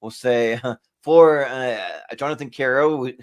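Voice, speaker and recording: A man's voice: medium pitch, unhurried, smooth. Rambling man hosting a movie show. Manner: rambling, many fillers and restarts. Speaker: podcast host. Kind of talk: casual chat.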